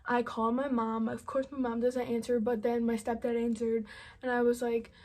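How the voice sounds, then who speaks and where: A woman's voice: on the high side, little pitch movement, moderate pace, darkish tone. A young woman vlogger telling a storytime to her camera, rambling casually with constant "like" and frequent swearing. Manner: rambling, heavy use of "like" and swearing.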